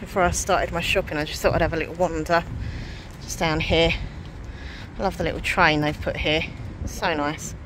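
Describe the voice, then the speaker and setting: A woman's voice: deep voice, fairly even intonation, moderate pace, background noise. A British woman talking to camera in a casual vlog, chatty and rambling with lots of fillers. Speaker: vlogger.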